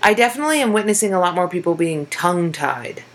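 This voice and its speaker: A young woman comedian chatting on a podcast with a lower voice than most women. She rambles through her thoughts, swears casually and slips into acted-out quotes. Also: lively intonation, fast talker, slight background noise. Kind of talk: casual chat.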